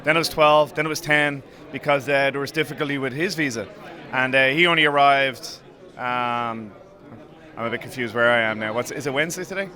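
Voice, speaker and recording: A man's voice: medium pitch, fairly quick, bright, forceful tone. A male fight coach in a casual interview chat, friendly and chatty, telling stories with a laugh.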